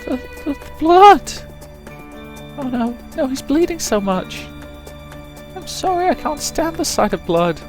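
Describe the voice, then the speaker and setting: A man's voice: huge pitch swings, moderate pace, faint music behind. A man voicing panicked young schoolgirls from a visual novel, crying out frantically. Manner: frantic, shrill cries. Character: panicked young schoolgirls, female, high-strung.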